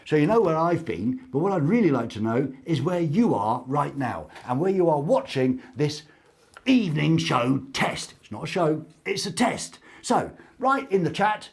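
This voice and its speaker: Male host, jokey and playful, husky, sing-song delivery. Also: fairly high pitch, very animated, normal speed. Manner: playful, jokey, mock-dramatic. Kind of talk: casual live-stream chat.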